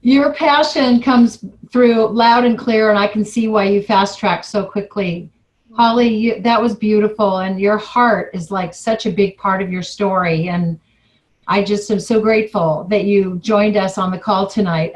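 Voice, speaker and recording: A woman hosting a group call, warmly thanking a guest speaker in a gushing, effusive way. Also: medium pitch, fairly even intonation, unhurried, poor audio. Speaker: call host. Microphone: phone or computer on a conference call.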